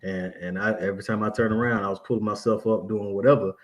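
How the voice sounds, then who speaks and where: A man's voice: fairly low pitch, fairly even intonation, fast. A man co-hosting a casual talk, reflecting on his own story with slang and frequent "you know what I'm saying". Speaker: co-host.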